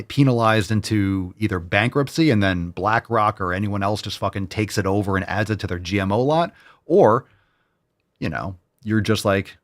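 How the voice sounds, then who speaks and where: A man hosting a solo commentary show, ranting in a heated, sarcastic, profane way and repeating phrases for emphasis. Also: on the low side. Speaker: podcast host.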